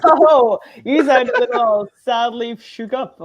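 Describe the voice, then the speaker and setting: Drawling crooner impression, as an improviser puts it on. It is chuckly and unhurried, with song titles tucked into the lines. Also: medium pitch, muffled recording. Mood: teasing. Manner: slips song titles into the talk. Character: impression of a famous singer, swaggering crooner. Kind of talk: improvised comedy scene.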